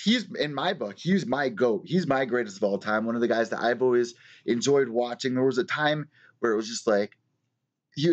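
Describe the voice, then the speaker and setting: A man's voice: medium pitch, dull audio. A man hosting a live-streamed fight news show from his small apartment, ranting and swearing a lot in casual commentary. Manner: profane, heated ranting. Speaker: MMA news show host.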